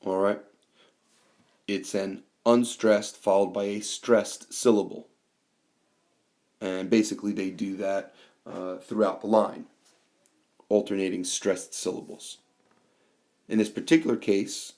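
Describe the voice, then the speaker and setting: Slow, low-voiced male teacher. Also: flat delivery, a little mellow. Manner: unhurried explanations with fillers, reading quoted lines aloud. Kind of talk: classroom lecture screencast. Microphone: tablet microphone.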